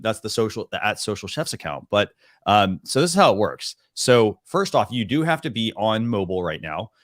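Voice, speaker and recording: A man's voice: on the low side, fairly bright tone, dry recording, clean studio sound. A man hosting a talk show, giving a casual live demo in a chatty, rambling way with lots of fillers and restarts. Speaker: show host.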